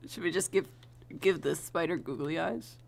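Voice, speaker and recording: While drawing a storyboard on stream, a young woman rambles casually, giggling and tossing out offhand swears. She has a low, gravelly voice and talks at a normal speed.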